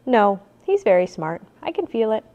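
A woman voicing a fearless, friendly little girl who talks softly and coaxingly. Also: on the high side, big pitch swings, moderate pace, dull audio. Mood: gentle. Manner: soft, gentle, coaxing.

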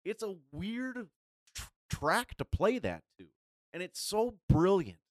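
A man with a mid-range voice whose pitch swings widely, chatting animatedly as a podcast co-host and jumping in with emphatic agreement. The room sound is dry. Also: sing-song, slow pace, no echo. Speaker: guest co-host. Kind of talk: casual chat.

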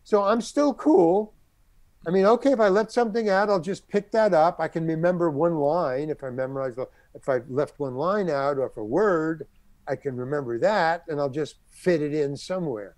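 An older man whose voice sits on the high side talks at a moderate pace in a dry recording. A character actor, he relates a career anecdote in a casual interview, animatedly acting out others' words.

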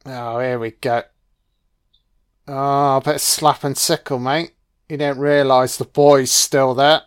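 A man's voice: mid-range voice, little pitch movement, takes it slowly, clean tone. A man giving casual watch-along film commentary, swearing freely and talking back at the screen. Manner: profane, reactive, talks back at the screen.

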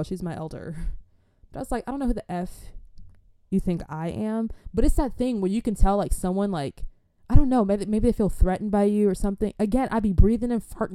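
Animated slangy young woman, mellow voice. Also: fairly low pitch, dry recording, studio quality. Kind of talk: casual storytime and faith talk.

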